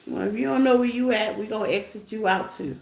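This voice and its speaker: A woman's voice: medium pitch, fast talker, creaky, a little mellow. A woman giving a casual live tarot reading, playful and teasing, laughing often and chatting with her listeners. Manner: chatty, calls listeners y'all and baby. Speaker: tarot reader. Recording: echoey room with background noise.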